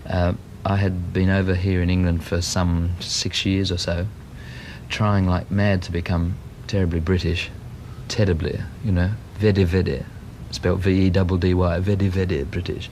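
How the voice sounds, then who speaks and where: Australian male guest, low voice, laid-back joking interview manner, faint rumble. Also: little pitch movement, moderate pace, darkish tone. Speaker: guest entertainer. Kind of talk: relaxed interview chat.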